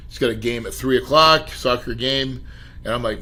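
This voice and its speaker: A middle-aged man, a podcast guest, telling his life story in an emphatic, animated way and addressing the host directly. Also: mid-range voice, moderate pace, rough recording. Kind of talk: storytelling interview.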